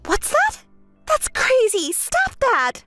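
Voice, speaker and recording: A woman's voice: very animated, normal speed, a bit bright, faint music behind, full character voice. A woman voicing a spoiled, self-centered young bride who whines and boasts in a narrated texting story. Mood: indignant. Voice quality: whiny, shrill, boastful. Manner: demanding and indignant.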